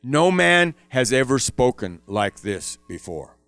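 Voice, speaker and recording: A preacher voicing a fumbling temple guard. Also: male voice, medium pitch, big pitch swings, fairly bright tone, clean tone, no echo, heavily acted. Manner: halting, searching for words. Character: hesitant male temple guard, fumbling for words.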